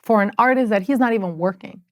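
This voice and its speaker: A woman music executive as a podcast guest, telling animated stories in a casual chat with quick restarts. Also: medium pitch, no echo, clean studio sound.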